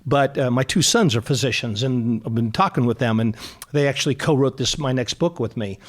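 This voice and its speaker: Emphatic middle-aged psychologist guest. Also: male voice, mid-range voice, a little fast. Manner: animated, emphatic, repeats for stress. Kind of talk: conversational radio interview.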